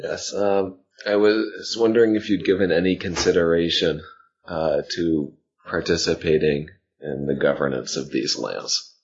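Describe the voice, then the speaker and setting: A man playing a tabletop game, polite and a touch formal, with plenty of hesitations. His voice sits very low, he speaks slowly, and the audio is dull and lo-fi. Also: fairly even intonation. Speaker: player. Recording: dull lo-fi mic.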